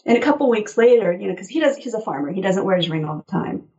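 A woman telling personal stories as an interview guest, animated and quick to laugh. Her voice sits at an ordinary middle pitch. The audio is slightly muffled and lo-fi. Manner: animated storyteller, laughs often. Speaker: guest author. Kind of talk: casual interview chat.

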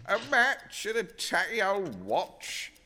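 A man with a Yorkshire accent performing blunt, gruff comedy sketch characters. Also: sits high, huge pitch swings, slow pace, sharp tone, a little hiss or hum.

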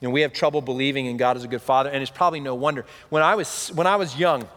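A man's voice: mid-range voice, racing, fairly bright tone, big-room sound. A man in his thirties preaching a sermon, with a conversational delivery full of "right?" asides. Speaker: pastor.

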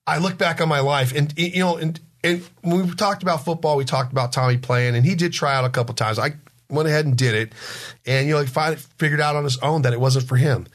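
A man in his forties telling family stories in a casual chat. He rambles, restarts his sentences, and acts out what his family members said. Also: fairly high pitch. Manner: rambling, halting storyteller who restarts sentences.

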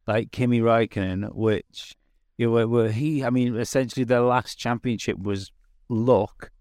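Podcast co-host, man, mid pitch, hesitant and restarting, dry close sound. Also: fairly even intonation, normal speed, darkish tone, dry recording. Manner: hesitant, restarts, thinks aloud. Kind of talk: casual chat.

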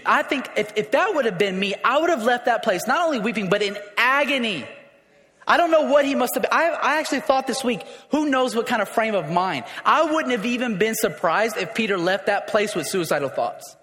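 Brief: male preacher, high voice, chatty sermon delivery with emphatic swells, long hall echo. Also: expressive, normal speed, a bit bright. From raised in a city.

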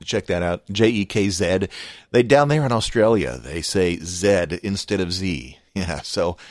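A man's voice: sits low, expressive, normal speed, no echo, clean studio sound. A middle-aged man with a Southern California accent hosting a podcast, chatting casually in a rambling, folksy way with plenty of restarts. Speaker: podcast host. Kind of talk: casual personal chat with ad reads.

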